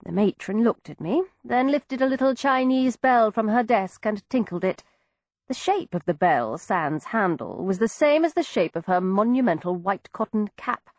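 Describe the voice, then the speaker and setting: A woman narrating a period novel in an expressive, measured storytelling manner on a close microphone. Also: medium pitch, dry recording. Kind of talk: audiobook narration.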